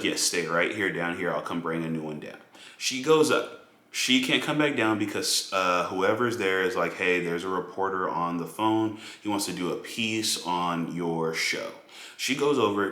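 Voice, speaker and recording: Deep-voiced guy doing a chatty movie review, bright edge, echoey room. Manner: animated, mocking quoted voices, many fillers. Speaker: film reviewer. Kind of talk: casual film review monologue.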